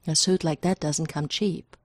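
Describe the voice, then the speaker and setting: A woman voicing a steady, sensible man with a relaxed, almost fatherly way of talking, in a story reading. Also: low-pitched, unhurried, no echo. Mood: firm.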